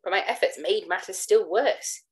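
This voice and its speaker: A woman giving a dramatic reading of a classic tale, acting out the dialogue with shifts of pitch. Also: normal speed, low-quality recording. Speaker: reader of gothic tales.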